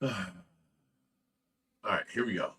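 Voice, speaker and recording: A middle-aged man hosts a casual livestream from the fish room in his home, speaking slowly in a pushed, bright voice. He laughs often and reads viewer chat comments aloud.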